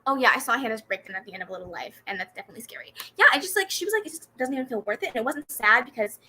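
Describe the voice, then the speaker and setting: A woman's voice: on the high side, sing-song, very fast, sharp tone, a little hiss or hum, rough recording. A young woman hosting a casual reading livestream, chatting animatedly and giggling as she answers comments. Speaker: booktube livestream host. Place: home room with a fan running.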